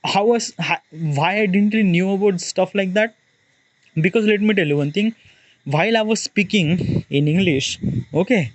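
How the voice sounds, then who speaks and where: A man's voice: sits high, normal speed, lo-fi sound. Rambling man with an Indian accent. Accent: Indian, Maharashtra. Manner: rambling, many fillers and restarts. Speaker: vlogger. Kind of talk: casual monologue.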